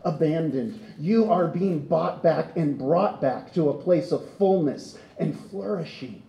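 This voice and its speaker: Male pastor, earnest sermon delivery, warm dark voice, echoey sanctuary sound. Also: a little high, measured pace, vocal fry. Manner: earnest, building to impassioned emphasis.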